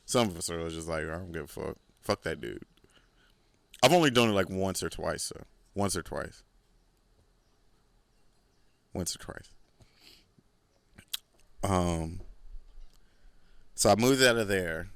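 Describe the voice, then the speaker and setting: A man's voice: low voice, sharp tone, clean tone, no echo. A man hosting a podcast, telling a rambling, profane story in a casual solo monologue. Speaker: podcast host.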